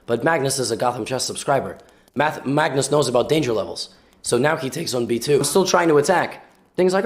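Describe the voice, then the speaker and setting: A man's voice: mid-range voice, animated, fairly quick. A man giving comedic chess commentary, teasing and sarcastic, breaking into shrieks of disbelief at blunders. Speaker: chess commentator and channel host.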